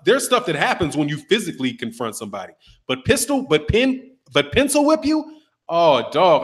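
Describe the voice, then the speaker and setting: A middle-aged man hosting a boxing channel, talking in a casual, animated, profane monologue. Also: a little high. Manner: animated, profane, acts out voices of others.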